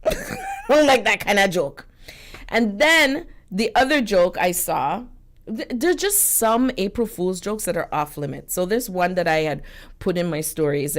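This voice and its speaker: Woman radio co-host, animated and indignant storyteller, laughs often. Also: mid-range voice. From Canada. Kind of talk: casual radio commentary. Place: radio studio.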